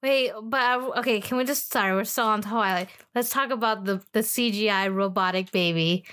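A woman's voice: mid-range voice, fairly quick, fairly bright tone, clean tone. A young woman co-hosting a podcast, chatting casually with teasing quips. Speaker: podcast co-host. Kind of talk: casual chat.

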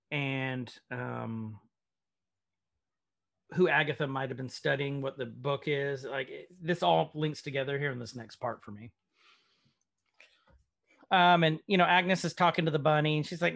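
Gravelly, slightly high-voiced man chatting. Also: normal speed, long pauses, fairly bright tone. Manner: chatty, leads the discussion, many fillers. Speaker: podcast co-host. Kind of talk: casual chat recapping a TV episode.

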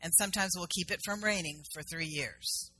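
A woman's voice: on the low side, normal speed, sharp tone, husky. A middle-aged woman minister from South Carolina giving a sermon in a conversational storytelling manner, acting out the dialogue in her stories.

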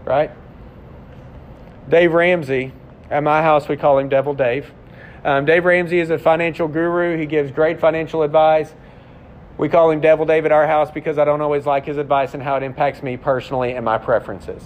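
A man's voice: level tone, brisk. A man, a pastor, preaching a sermon in a conversational, confessional way, with rhetorical questions to his congregation. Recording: slightly muffled sound with faint rumble.

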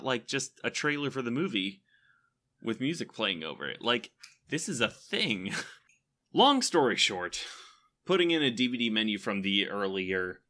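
Bright-voiced man rambling happily. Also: medium pitch. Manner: rambling, enthusiastic, laughs often. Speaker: podcast co-host. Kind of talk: casual chat.

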